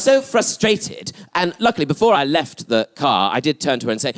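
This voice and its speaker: Camp comic, high voice that swoops all over, noisy live club sound. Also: male voice, very animated, fairly quick, few pauses. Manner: camp, arch, spiteful asides. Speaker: stand-up comedian. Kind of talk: stand-up storytelling. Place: comedy venue stage.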